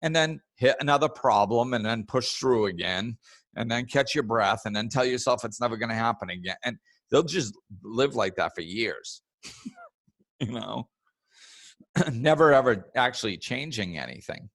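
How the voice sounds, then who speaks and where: Podcast host, man, low gravelly voice, dry close sound, easygoing talk with acted-out quotes. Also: normal speed, no echo. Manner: relaxed, acts out quoted people in raised voices. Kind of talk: casual spiritual self-help talk.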